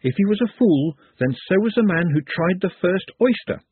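A man's voice: high-pitched, lively intonation, moderate pace, husky, dry recording. A man narrating an audiobook expressively, with dry wit. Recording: tinny phone-like dry audio.

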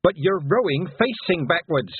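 A man's voice: high voice, expressive, normal speed, husky, no room sound, voice pushed up, full character voice. A man voicing a prim, stubborn young girl. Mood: firm. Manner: prim, insistent, lecturing. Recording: phone-like thin band.

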